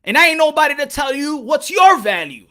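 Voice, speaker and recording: A man's voice: very high voice, big pitch swings, brisk, sharp tone. A man hosting a boxing commentary channel, ranting his opinion and repeating his points, dragging words out for emphasis. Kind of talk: opinion rant to camera.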